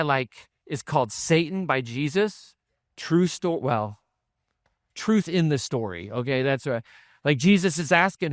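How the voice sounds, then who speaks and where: Guy pastor giving a sermon, kinda high voice, chatty storytelling, dry close sound. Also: dry recording. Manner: conversational storytelling with asides and chuckles.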